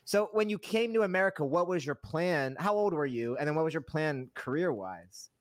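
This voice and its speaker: A male interviewer chatting casually, talking quickly and restarting his sentences often. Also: fairly high pitch, lively intonation. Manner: quick and conversational, with frequent restarts.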